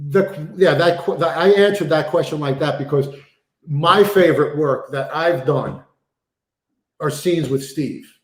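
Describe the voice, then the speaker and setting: A man's voice: fairly high pitch, measured pace, reverberant. A man, an actor guest telling stories in a casual interview with lots of fillers. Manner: animated storyteller, many fillers. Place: remote video call.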